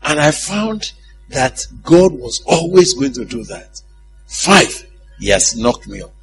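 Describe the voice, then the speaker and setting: A man's voice: medium pitch, sing-song, takes it slowly, soft background music. A male preacher giving a conversational sermon, often putting questions to his congregation and laughing at his own stories.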